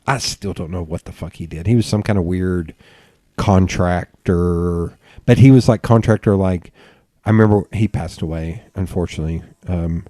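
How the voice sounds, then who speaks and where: Casual swearing podcast host, dark low voice. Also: male voice, a little fast, no room sound, studio quality. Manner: swears freely, animated storytelling; laughs often mid-sentence. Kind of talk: casual chat.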